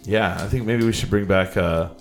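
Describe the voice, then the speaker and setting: A man with a lowish voice hosts a relaxed chat show from a small studio. He rambles a bit, restarts his sentences and keeps things easygoing. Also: a little fast, a little hiss or hum. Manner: loose, apologetic, rambling with restarts. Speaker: show host. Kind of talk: casual chat.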